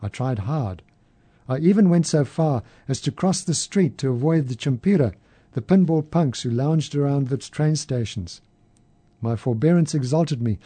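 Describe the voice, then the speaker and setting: A man narrates a first-person story in a measured, even manner. His voice is dark and mellow. The sound is dry and close. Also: mid-range voice, husky, no echo.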